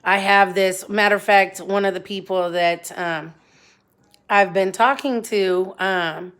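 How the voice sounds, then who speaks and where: A woman in her forties speaks her mind in a loose, unscripted monologue. She rambles and circles back to her point, swearing often and without apology, at a middle pitch. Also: steady tone, slow pace, fairly bright tone, clean tone. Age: 40s. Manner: blunt, rambling, swears freely. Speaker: vlogger. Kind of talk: candid personal monologue.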